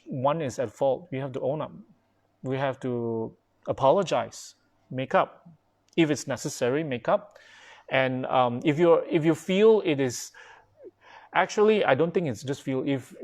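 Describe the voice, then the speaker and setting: A man speaking at medium pitch delivers a dharma talk on a live stream as a Buddhist pastor. The tone is chatty and informal, with plenty of fillers and restarts, and he answers viewers' comments along the way.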